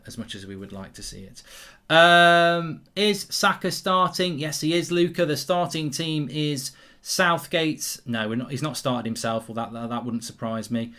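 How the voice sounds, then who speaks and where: A man's voice: mid-range voice, fairly bright tone. A man hosting a live football watchalong, chatty, jokey and rambling as he reads out viewer comments. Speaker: host.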